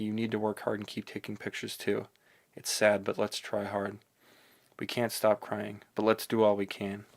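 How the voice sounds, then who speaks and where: A man narrating a novel in the first person, in a rambling, excitable inner monologue. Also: lowish voice, vocal fry. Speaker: audiobook narrator.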